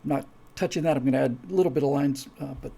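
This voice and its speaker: A man's voice: mid-range voice, very fast, vocal fry, warm tone. A man hosting a live stream, talking casually and rambling with many restarts and asides. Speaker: host.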